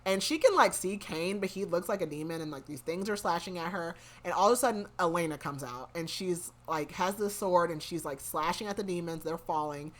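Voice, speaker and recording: A woman's voice: fairly low pitch, expressive, brisk, hardly any pauses. A woman hosting a podcast, casually recapping a story in a rambling way full of "like". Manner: rambling, fills speech with "like". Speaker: podcast host.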